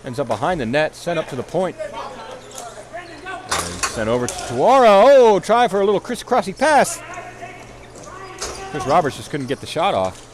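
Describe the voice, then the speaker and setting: A man calling play-by-play for a ball hockey game, rambling into self-deprecating asides between plays and shouting on goals. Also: a little high, normal speed, long pauses, background noise. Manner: excited calls on goals. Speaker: play-by-play commentator.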